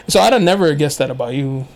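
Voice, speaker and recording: A young man hosting a casual podcast chat, telling stories animatedly, acting out quoted voices and laughing often. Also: on the high side. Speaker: podcast host.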